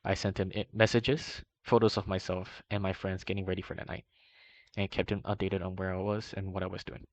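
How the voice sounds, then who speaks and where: A man reading a long document aloud in a steady way, now and then stumbling and correcting himself, in a dull, slightly muffled recording. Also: sits low, fairly quick, gravelly, no room sound. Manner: steady reading with small slips and self-corrections. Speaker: reader of a document. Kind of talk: long read-aloud narration.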